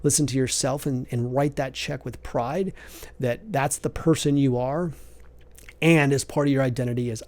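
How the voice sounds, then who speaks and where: A man's voice: mid-range voice, normal speed, a little mellow, soft background music. A man hosting a podcast, giving earnest, emphatic business advice in a preachy monologue. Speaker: podcast host, business coach.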